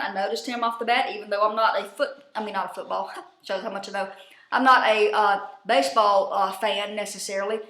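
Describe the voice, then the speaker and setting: A bright, slightly high-voiced woman rambles through a reality-show recap, casual and swearing freely with folksy slang. Her voice rings out in an echoey room.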